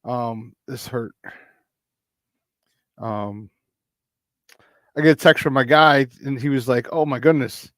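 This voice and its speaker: A man hosting sports talk at an easy middle pitch. He rambles excitedly and laughs often. The sound is dry and close to the mic. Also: takes it slowly, long pauses, dry recording. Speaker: sports talk show host.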